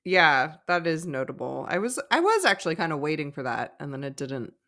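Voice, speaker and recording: A woman's voice: low voice, lively intonation, a little fast, a bit bright. A woman co-hosting a podcast, giving opinionated commentary on a reality show with frequent giggles. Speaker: podcast co-host. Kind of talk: casual chat recapping a reality show.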